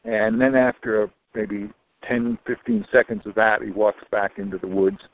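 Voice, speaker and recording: Older man with a lively, low voice. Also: moderate pace, vocal fry. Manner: rambling, with many restarts and low muttered asides. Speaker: interviewee. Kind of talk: casual storytelling. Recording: dull lo-fi recording.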